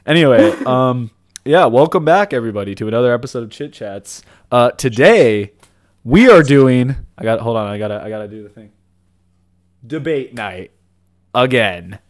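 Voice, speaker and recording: A man's voice: mid-range voice, animated, a little fast, dry recording. Young male podcast host, rambling casual delivery, dry close-miked sound. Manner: rambling, restarts a lot, laughs easily. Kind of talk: casual chat.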